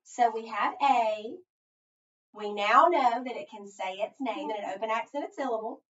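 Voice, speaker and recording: Slow, high-voiced woman teaching phonics. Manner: slow, patient, asks and answers her own questions. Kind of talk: phonics lesson demo. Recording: distant, echoey, dull room sound.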